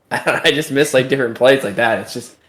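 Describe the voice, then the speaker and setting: A man's voice: mid-range voice, normal speed, a bit bright. A man co-hosting a gaming podcast in casual chat, giggly and apologetic. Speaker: podcast co-host. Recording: echoey room.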